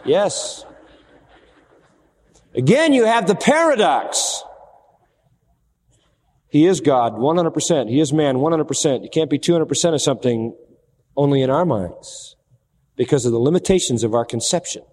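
A man's voice: a little high, lively intonation, normal speed, pauses often, a little mellow, long reverb tail. A man preaching a sermon, posing questions to the congregation and answering them with emphasis.

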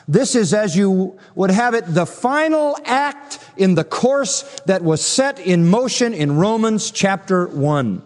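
A man preaching an expository sermon, emphatic, asking rhetorical questions and repeating phrases for force. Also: high-pitched. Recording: long hall reverb.

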